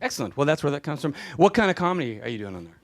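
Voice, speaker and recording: A man hosting a live show, chatting in a halting way with many fillers. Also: a little high, sing-song. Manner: eager, halting, lots of filler words. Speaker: show host. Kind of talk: casual interview chat.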